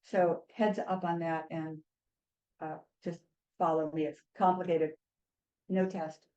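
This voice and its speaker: A woman author giving an academic book talk in a measured, earnest way, with small restarts now and then. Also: on the low side, a little mellow, dull audio. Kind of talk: academic lecture.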